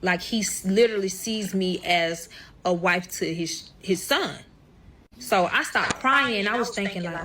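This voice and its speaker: A woman's voice: medium pitch, measured pace, fairly bright tone, a little hiss or hum. A young woman telling a story to camera in a casual storytime style, swearing often and calling her viewers y'all. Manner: profane, addresses viewers as y'all.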